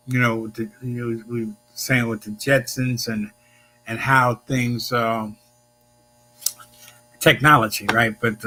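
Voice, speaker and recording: A man's voice: mid-range voice, sharp tone. A male talk show host chatting casually with his guest, rambling with many fillers. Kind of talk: casual interview chat.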